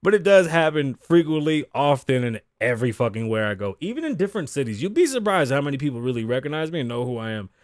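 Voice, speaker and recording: A man's voice: medium pitch, big pitch swings, fast, hardly any pauses, no room sound, studio quality. A man in his thirties hosting a podcast, talking casually in a rambling, profane way and laughing often. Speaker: podcast host. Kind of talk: casual chat. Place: home studio desk.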